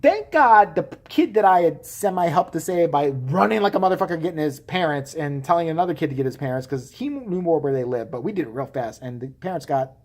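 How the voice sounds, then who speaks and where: A man's voice: a little high, animated, a little fast, hardly any pauses. A man casually telling a story from his childhood, blunt and profane, joking as he goes and acting out the people he quotes. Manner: acts out quoted voices while telling. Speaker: vlogger.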